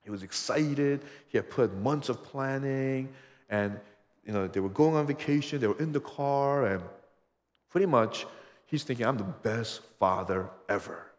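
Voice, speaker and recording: A man's voice: mid-range voice, a little slow. Earnest male pastor preaching in a reverberant hall. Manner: earnest, emphatic, asks rhetorical questions. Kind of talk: sermon.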